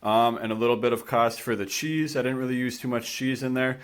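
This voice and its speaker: Relaxed male coach, easygoing vlog chat to his students, talks while eating. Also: mid-range voice, fairly quick. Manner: relaxed and chatty, talks with his mouth full. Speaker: school gym coach. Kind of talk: casual cooking vlog to students.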